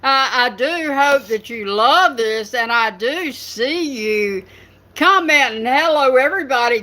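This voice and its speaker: A woman's voice: high-pitched, lively intonation, takes it slowly, bright, forceful tone. An older woman with a Southern US accent, hosting her writing channel in a chatty, rambling live stream with lots of fillers. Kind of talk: casual live stream chat.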